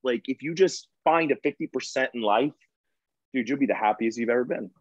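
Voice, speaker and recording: A man in his thirties, a firefighter guest on a podcast, talking casually and acting out quotes with lively swings in his voice. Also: medium pitch, fairly quick, dry recording, muffled recording. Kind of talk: casual interview chat.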